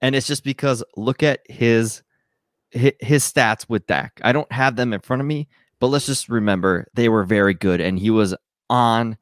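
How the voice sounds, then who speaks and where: A man's voice: mid-range voice, moderate pace, dry recording, clean studio sound. A man co-hosting a podcast, chatting casually and rambling about fantasy football with restarts and fillers. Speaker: podcast co-host.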